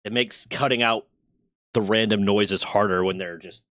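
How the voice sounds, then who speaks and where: A man's voice: on the low side, steady tone, normal speed, a bit bright, no room sound, clean studio sound. A man in his late twenties chatting casually on a live stream, teasing and joking with his viewers. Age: 20s.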